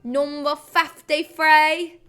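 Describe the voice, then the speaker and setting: A woman imitating a young woman with an aggressive northern English accent, slowly calling out order numbers over a microphone. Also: high voice, little pitch movement, sharp tone, faint music behind, voice pushed up, exaggerated voice. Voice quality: harsh, aggressive, drawn-out calls.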